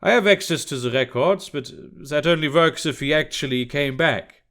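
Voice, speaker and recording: A man's voice: a little high, normal speed, fairly bright tone. A man voicing a weary middle-aged male border policeman who talks in a tired, lethargic way.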